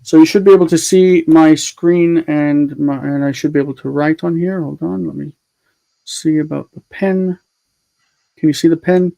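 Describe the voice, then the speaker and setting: A man with a somewhat high, steady, warm voice and some vocal fry speaks at a moderate pace over poor audio. He's teaching a live grammar lesson on a video call, chatting and thinking aloud while he fiddles with his screen tools. He explains patiently, step by step, repeating examples as he goes.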